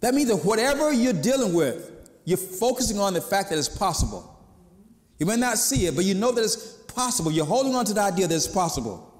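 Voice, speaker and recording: A man's voice: high voice, sing-song, fast, in a large hall. A man preaching a sermon in a conversational way, sometimes acting out the voices of people he quotes. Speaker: pastor.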